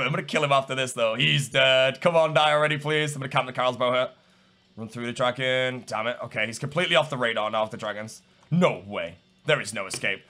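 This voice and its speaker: A man giving live gameplay commentary, excitable, going from low muttering to loud shouts. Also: fairly quick. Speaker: gamer.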